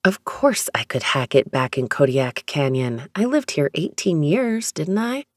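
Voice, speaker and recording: An audiobook narrator reading a first-person romance story in a steady, even storytelling manner. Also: mid-range voice, measured pace, no room sound.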